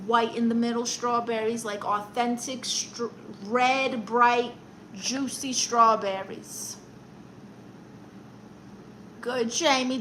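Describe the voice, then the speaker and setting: A woman's voice: fairly high pitch, a bit bright, slight background noise, rough recording. A woman with a Brooklyn accent hosting a casual live stream, reading chat comments aloud and roasting viewers in a sassy, playful way.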